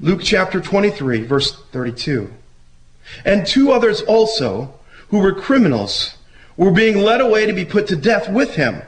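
A man's voice: high-pitched, sing-song, normal speed, low-quality recording. Casual young-sounding male preacher. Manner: conversational, acts out quoted voices. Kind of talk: casual sermon.

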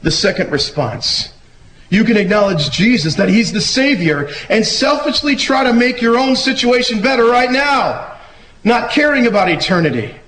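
A man giving a relaxed, conversational sermon who acts out the voices he quotes. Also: very high voice, normal speed, poor audio. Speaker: preacher. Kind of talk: casual sermon.

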